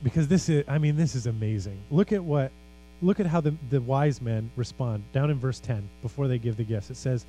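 Mellow-voiced man preaching a sermon. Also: medium pitch, lively intonation, fairly quick, hardly any pauses, slight background noise, poor audio. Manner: earnest, emphatic preaching with conversational asides. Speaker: pastor.

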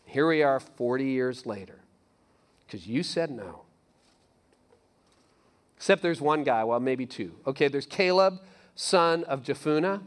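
A man's voice: medium pitch, unhurried, long pauses. A man preaching a sermon in a casual, conversational way, swinging from emphatic lines to near-whispers. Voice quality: animated, conversational preaching with sudden soft drops. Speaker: pastor.

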